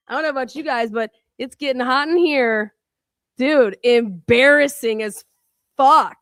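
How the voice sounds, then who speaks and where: A woman's voice: sits high, measured pace, fairly bright tone, no room sound. A woman co-hosting a commentary show, talking bluntly and with open scorn. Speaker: co-host. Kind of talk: profane commentary.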